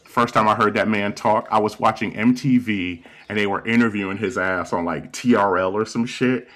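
A man in his thirties telling stories in a casual chat with friends, animated and quick to laugh and swear. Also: fairly low pitch. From Haitian family. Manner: animated storytelling, laughs often, swears freely.

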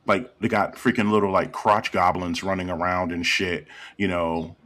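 A man's voice: sits low, flat delivery, normal speed, a bit bright. A man in casual chat, ranting and telling stories with plenty of swearing. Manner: profane, ranting storyteller.

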